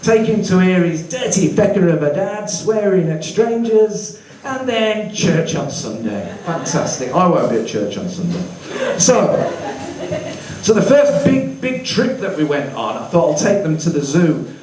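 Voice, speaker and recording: A man's voice: high voice, sing-song, a little slow, crowd noise. A man doing a stand-up comedy routine, chatty and self-mocking with sweary asides. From English Midlands. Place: comedy club stage with live audience. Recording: roomy echo, distant mic, faint club noise.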